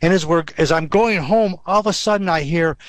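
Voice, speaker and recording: This man, also from Western New York, gives a storytelling faith testimony as a guest, restarting often and leaning on fillers as he rambles. He speaks briskly at a fairly high pitch, captured in a dry recording.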